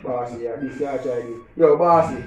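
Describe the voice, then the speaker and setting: A man's voice: medium pitch, normal speed, darkish tone, far from the mic, faint music behind, lightly acted. A man playing a boastful young henchman who is eager to fight, in slangy speech that keeps saying "boss". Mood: swaggering. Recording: echoey room, off-mic.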